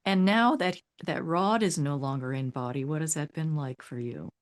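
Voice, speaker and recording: A woman's voice: sits low, moderate pace. A woman interviewer sharing a story and asking questions in a musing way, full of fillers. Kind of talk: conversational interview.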